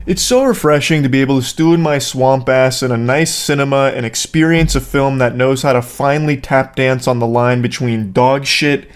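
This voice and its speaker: A man in his thirties giving a casual, sarcastic movie review rant with lots of profanity, acting out the characters as he retells the plot. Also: mid-range voice. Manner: sarcastic, profane, acts out characters mid-story. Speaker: commentator.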